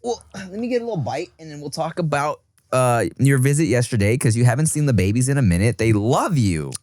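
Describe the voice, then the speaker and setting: A man's voice: medium pitch, sing-song, a little fast, a little mellow, dry recording, studio quality. A man co-hosting a casual podcast, joking crudely and laughing often. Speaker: podcast co-host. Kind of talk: casual chat.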